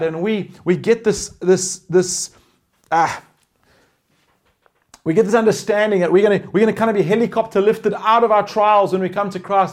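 Animated preaching man. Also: high voice, a little fast. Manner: animated, acts out quoted voices, swings between loud and hushed. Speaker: pastor. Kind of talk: sermon.

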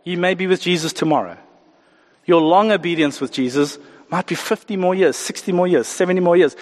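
A man preaches a lively sermon, acting out little voices for the people he talks about. His voice sits a little high for a man. The sound trails off in the long echo of a church hall. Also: a little fast. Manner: animated, acts out voices of people and God. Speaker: pastor.

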